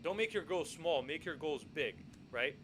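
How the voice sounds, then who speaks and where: A high-pitched man co-hosts a podcast, telling a story casually and acting out what people said. He keeps checking in with "right?" as he goes. A faint hum of room noise sits behind him. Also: moderate pace, rough recording. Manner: animated, repeats "right?" often; acts out quoted lines in the story. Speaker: podcast co-host.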